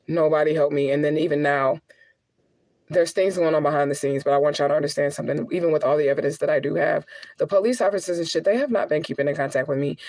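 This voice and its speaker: Poor audio captures a low-pitched, slightly mellow voice. A middle-aged spiritual medium talks directly to her audience in an emotional vlog monologue, raw, meandering and full of swearing.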